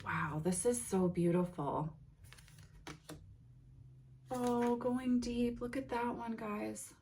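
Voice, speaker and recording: A woman hosting a tarot unboxing, reading card titles aloud in a gentle, admiring way with soft exclamations. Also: a little high, slow, slight background noise. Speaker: tarot reader and channel host.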